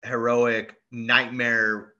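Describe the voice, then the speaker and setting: A man co-hosting a podcast in casual chat, telling stories in a rambling, animated way full of fillers and restarts. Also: mid-range voice, drawn-out words. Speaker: podcast co-host. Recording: dull lo-fi sound.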